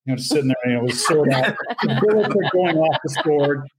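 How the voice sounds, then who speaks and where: A man's voice: fairly high pitch, lively intonation, quick pace, crowd noise. Laid-back man voice actor on a panel. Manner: laid-back, rambling anecdotes. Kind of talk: casual panel chat.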